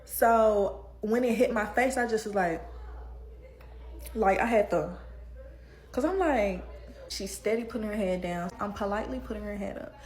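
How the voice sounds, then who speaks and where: A woman's voice: medium pitch, normal speed, long pauses. Slangy young woman telling a story. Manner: animated, slangy, conversational. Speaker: hairstylist. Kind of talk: casual storytime.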